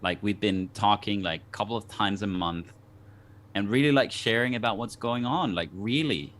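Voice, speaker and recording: A man's voice: lowish voice, moderate pace, fairly bright tone. A man from Denmark, a guest on a talk show, telling a personal story in an earnest, reflective way with many restarts.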